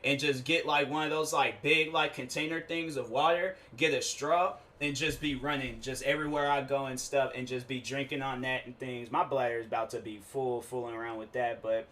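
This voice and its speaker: Bright-voiced man riffing casually. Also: mid-range voice, a little fast, few pauses. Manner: rambling, animated storytelling with frequent restarts; slangy, informal talk. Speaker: show host. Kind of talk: casual comedic monologue.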